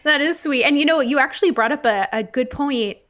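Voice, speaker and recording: Woman podcast co-host, higher voice, casual and affirming. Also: fairly quick, a bit bright. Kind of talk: casual chat.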